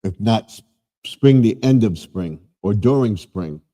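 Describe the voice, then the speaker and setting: A man's voice: fairly low pitch, lively intonation, a little slow, dark tone. A man in his seventies hosting a live stream, chatting casually in a rambling way and often correcting himself.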